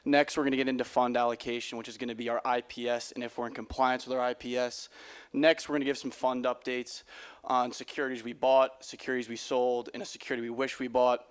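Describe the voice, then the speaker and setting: A man's voice: mid-range voice, little pitch movement, fast talker, smooth. A young man, a college student, explaining an agenda in a plain presentation to an audience. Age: young adult.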